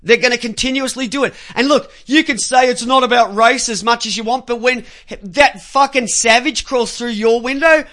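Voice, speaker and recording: A man hosting a radio talk show, ranting angrily and profanely, mocking others and breaking into shouts. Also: very high voice, moderate pace, hardly any pauses. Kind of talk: angry radio rant.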